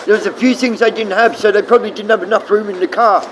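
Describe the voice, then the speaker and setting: A man's voice: high-pitched, fairly even intonation, fast, a little hiss or hum, low-quality recording. A man with an Australian accent streaming live, rambling bluntly and swearing often as he talks to his chat.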